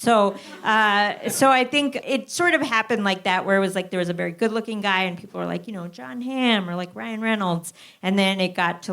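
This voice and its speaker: A woman's voice: medium pitch, creaky, fairly bright tone. An American woman, a guest comedian, telling a dry, self-deprecating story on a live podcast.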